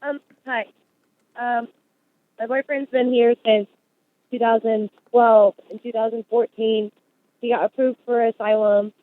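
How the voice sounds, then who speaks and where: A woman calling in to ask a question, hesitant and pausing with ums, heard over a phone line. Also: a little high, little pitch movement, no echo. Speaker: caller.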